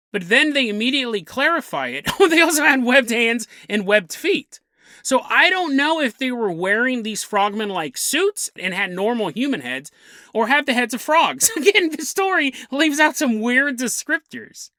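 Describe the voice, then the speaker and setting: A man with a bright, forward voice recounts a weird sea story for his podcast, casual and amused, often breaking into a chuckle. The sound is dry and close, with no room around it. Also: very high voice, animated, normal speed, dry recording. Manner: chatty and amused, chuckling through the tale. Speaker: podcast host.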